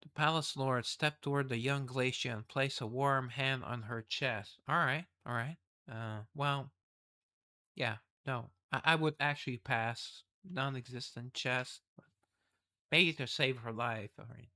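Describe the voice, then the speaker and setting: A man's voice: medium pitch, measured pace, pushed and bright. A man casually reading a game's story aloud and rambling through asides and self-corrections. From the West. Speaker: game streamer reading the story.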